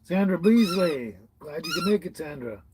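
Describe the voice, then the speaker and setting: A man's voice: on the high side, big pitch swings, moderate pace, noisy background. A man hosting a casual livestream, greeting each viewer by name in a friendly, chatty way. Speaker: livestream host. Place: tiny house on wheels.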